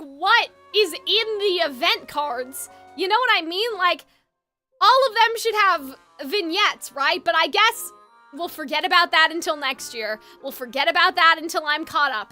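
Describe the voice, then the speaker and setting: Woman streamer, playful commentary, bright sharp tone. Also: extremely high pitch. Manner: chatty, joking, laughs often. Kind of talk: live gameplay commentary.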